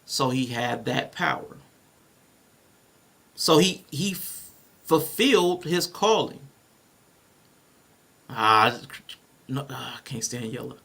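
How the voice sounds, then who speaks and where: A man co-hosting a casual panel podcast, reading Bible verses aloud and walking through his points in an animated way. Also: medium pitch, takes it slowly, gravelly, long pauses. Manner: animated, reads scripture aloud and explains it. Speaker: podcast co-host.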